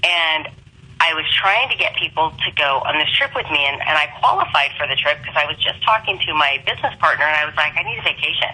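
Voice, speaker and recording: A woman's voice: sits low, fast, low-quality recording. A woman guest on a podcast, casually telling a long personal story and acting out the people in it. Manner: animated, acts out quoted voices.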